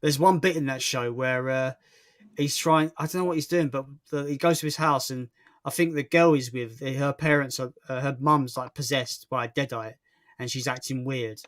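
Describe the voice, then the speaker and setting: A man's voice: mid-range voice, steady tone, moderate pace, a bit bright, dry recording. A man hosting a casual live stream, reading out viewer comments and chatting about films with lots of fillers and restarts. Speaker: stream host.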